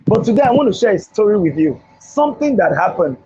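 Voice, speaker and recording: High husky man preaching motivation. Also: very animated, quick pace, warm tone. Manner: preacherly, repeats phrases for emphasis. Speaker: host. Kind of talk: motivational talk with Bible storytelling. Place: studio. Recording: dull lo-fi recording.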